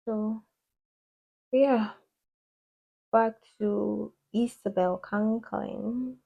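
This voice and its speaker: A woman's voice: mid-range voice, fairly even intonation, drawn-out words, creaky, dark tone, husky, dull audio. A woman beauty vlogger chatting casually while doing her makeup, rambling with lots of "like" fillers and playful asides.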